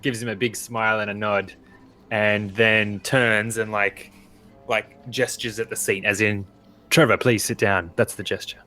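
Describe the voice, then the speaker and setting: A man's voice: fairly low pitch, level tone, a little slow, bright, forceful tone, soft background music. A man narrating his character's actions in a tabletop role-playing game, chatty and full of fillers. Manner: chatty, laughing, many fillers. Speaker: player.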